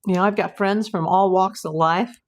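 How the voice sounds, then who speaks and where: A woman's voice: medium pitch, steady tone, moderate pace. A woman, a private investigator, hosting a casual live stream from home and chatting as she answers viewer comments aloud.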